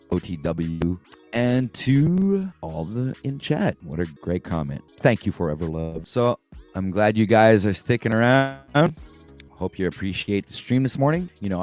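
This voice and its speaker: A man's voice: sits low, a little mellow. A man hosting a casual morning livestream talk show, rambling and laid-back with many fillers and restarts. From Canada.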